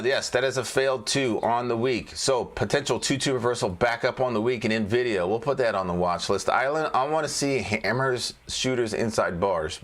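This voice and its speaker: A man with a somewhat low voice talks through stock charts in a loose, casual way. He repeats phrases, riffs on the side, and laughs to himself as he works through the list. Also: fairly bright tone. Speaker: trading educator. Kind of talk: casual screen-share chart walkthrough.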